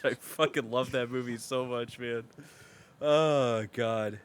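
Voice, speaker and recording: A young man co-hosting a podcast in casual chat. He talks excitably and swears a lot, dropping to mumbles and then jumping into loud outbursts. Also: medium pitch, slow pace, smooth. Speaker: podcast co-host.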